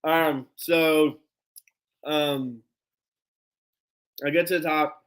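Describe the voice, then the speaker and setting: A man hosting a live fan stream, telling a story in a casual, animated, rambling way, swearing freely and laughing as he goes. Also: fairly high pitch, extremely slow. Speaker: sports fan show host.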